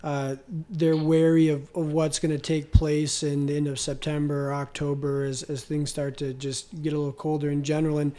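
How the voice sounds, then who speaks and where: A man's voice: fairly high pitch, completely flat delivery, moderate pace, hardly any pauses, mellow. A man co-hosting a casual business podcast, talking in a reflective, hesitant way and often repeating words. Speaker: co-host.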